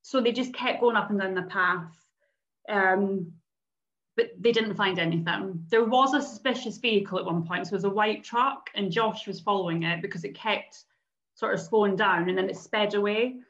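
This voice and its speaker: In a relaxed true-crime podcast conversation, a female co-host with a medium-pitched voice and moderate pace walks through a case. She tells it with animation, performing the quotes herself. The audio comes across slightly dull and lo-fi.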